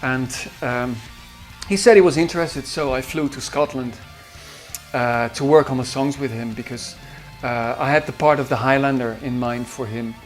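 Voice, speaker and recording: Speaking with a Dutch accent, a composer from the Netherlands remembers his singers in an interview. His mid-range voice has fairly even intonation and a moderate pace, and his delivery is halting, with many fillers and restarts. Faint guitar music plays underneath.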